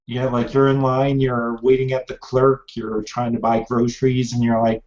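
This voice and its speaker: A man's voice: mid-range voice, fairly even intonation, a little slow, a little mellow, muffled recording. A tired man speaking hesitantly in a casual group chat, searching for his words. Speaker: participant.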